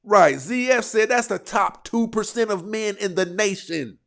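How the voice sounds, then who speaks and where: A man's voice: high-pitched, unhurried, gravelly, a bit bright. A man hosting a livestream, casually commenting and reacting to viewers' comments, talking back to the chat with bursts of laughter. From United States.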